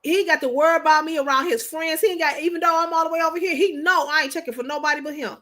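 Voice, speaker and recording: Woman, livestream host, casual talk, emphatic, repetitive, high-pitched. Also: steady tone, rapid-fire, bright, forceful tone. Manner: emphatic, preachy, repeats herself.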